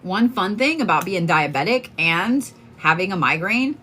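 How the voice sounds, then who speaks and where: A woman with a lowish voice chats on a livestream as a tarot card reader. She is from Oklahoma and talks in a candid, loose, profane way. Her speech is full of fillers and asides. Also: expressive, moderate pace, sharp tone, husky. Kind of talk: casual livestream chat.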